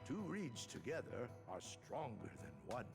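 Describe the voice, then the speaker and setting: A gravelly old emperor. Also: male voice, medium pitch, big pitch swings, over music. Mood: regal, gentle. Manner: measured, regal. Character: aged male emperor, calm and wise. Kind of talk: video game dialogue.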